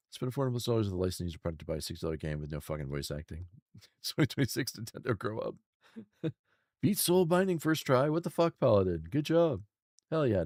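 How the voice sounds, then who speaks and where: Low-voiced, swearing game streamer man. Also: a little mellow, no room sound, studio quality. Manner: profane, laughs often, rambling asides. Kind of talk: casual chat reading stream chat while gaming.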